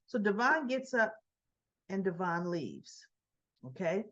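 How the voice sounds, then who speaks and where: A woman's voice: mid-range voice, lively intonation, slow, fairly bright tone, dull audio. A woman recapping a soap opera episode in a casual retelling, acting out the characters' lines with chatty asides.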